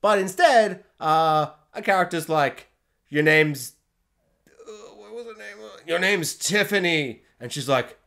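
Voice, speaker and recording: A man's voice: fairly high pitch, animated, unhurried, pushed and bright. Guy roasting a movie, sarcastic and fed up, voice goes way up and down doing silly bits. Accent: Australian. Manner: sarcastic, exasperated, acts out scenes in silly voices. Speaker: film reviewer. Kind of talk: casual spoken film review.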